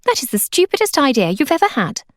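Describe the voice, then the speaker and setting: A proud, quick-tempered teenage girl from a storybook, her voice pitched high and sharp, as a woman reader puts her on. She clips her words impatiently, with lots of rise and fall. The sound is dry and close. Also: big pitch swings, dry recording.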